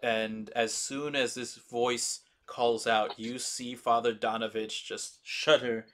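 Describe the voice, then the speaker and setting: A man narrating a tabletop game as game master, describing scenes in slow, descriptive detail. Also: medium pitch, little pitch movement, a bit bright.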